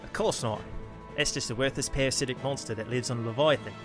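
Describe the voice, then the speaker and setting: A man's voice: medium pitch, fast, over music, close to an everyday voice. A man voicing a young female game character in a whispery mock Australian accent, blunt and dismissive. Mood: scornful.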